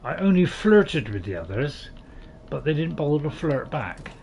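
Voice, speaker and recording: This gaming-channel host has a fairly high, creaky, darkish voice with big pitch swings, speaking at a moderate pace over a faint hiss or hum. He gives chatty gameplay commentary full of self-deprecating dry jokes, hesitating with frequent fillers and restarts.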